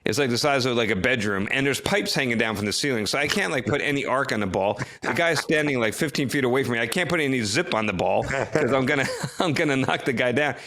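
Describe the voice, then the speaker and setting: A middle-aged man from New Jersey tells a story on a podcast in a relaxed, chatty way. He is lively and acts out what other people said, stumbling over restarts as he goes. His voice sits at an ordinary middle pitch. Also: fast, few pauses. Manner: animated storyteller who acts out quoted lines, with frequent restarts. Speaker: podcast co-host. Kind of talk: casual storytelling chat.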